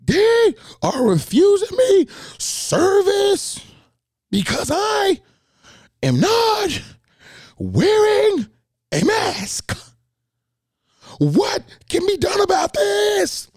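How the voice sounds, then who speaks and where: A man putting on the voice of a shrill, indignant middle-aged woman customer who is shouting her complaints. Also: huge pitch swings, drawn-out words, long pauses, no room sound, studio quality, full character voice. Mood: shrieking indignant.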